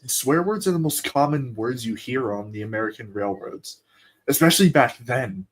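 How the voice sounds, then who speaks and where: A young man from the eastern US chats casually on a stream with a medium-pitched voice and lively intonation. He rambles playfully, dropping into quick put-on voices.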